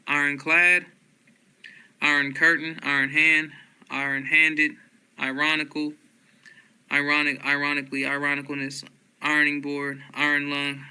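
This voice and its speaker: A man reads a dictionary aloud word by word, stumbling and restarting now and then. His voice is bright and clean in tone. He delivers every entry at one unbroken, level pitch, like a list. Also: clean tone. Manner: flat word-by-word listing with stumbles. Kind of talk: reading dictionary entries aloud.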